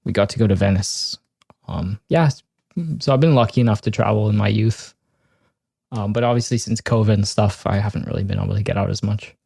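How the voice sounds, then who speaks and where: A man's voice: fairly low pitch, brisk, creaky, dark tone, husky, no echo, clean studio sound. A man co-hosting a podcast in casual chat, easygoing and laughing along as he talks. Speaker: podcast co-host.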